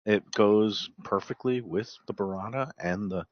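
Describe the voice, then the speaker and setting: A man's voice: on the low side, measured pace, muffled recording. A male TV host chatting enthusiastically about food and drinks, joking about himself. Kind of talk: casual food chat on a TV segment.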